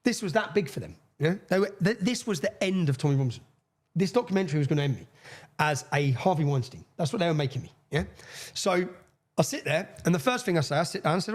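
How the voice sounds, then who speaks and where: A man, a podcast guest telling a long story with energy, swearing and acting out the people he quotes. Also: a little high. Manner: fast, excitable, swears, acts out quoted voices. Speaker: interview guest. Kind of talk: animated storytelling in a podcast interview.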